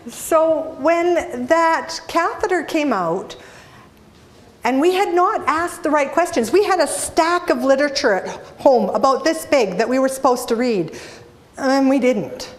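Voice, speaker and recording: A woman from Canada gives a humorous inspirational talk with a somewhat high voice. She tells stories with animated delivery and often asks the audience questions. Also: measured pace. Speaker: inspirational speaker. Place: speaking to a live audience.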